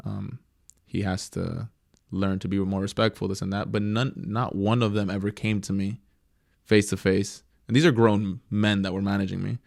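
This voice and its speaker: Young guy, low gravelly voice, chatting about his goalkeeping days, dry close sound. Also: moderate pace, no room sound. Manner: animated when quoting others, reflective. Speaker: professional goalkeeper guest. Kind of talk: casual interview storytelling.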